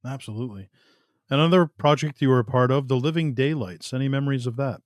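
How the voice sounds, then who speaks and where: A man's voice: mid-range voice, fast talker, dry recording, studio quality. A man hosting a podcast, asking short questions and giving brief encouraging replies. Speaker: podcast host. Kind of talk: interview questions.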